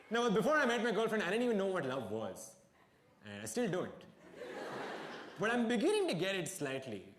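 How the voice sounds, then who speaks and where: A young man doing a stand-up comedy set on stage, with wry deadpan asides and bursts of mock outrage. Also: a little high. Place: stage before a live audience. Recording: echoey live venue with crowd noise.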